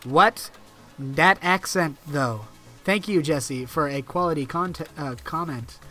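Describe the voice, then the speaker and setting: A man's voice: a little high, slow pace, bright, forceful tone, faint music behind. A young man co-hosting a podcast in casual chat, teasing and laughing often. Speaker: podcast co-host.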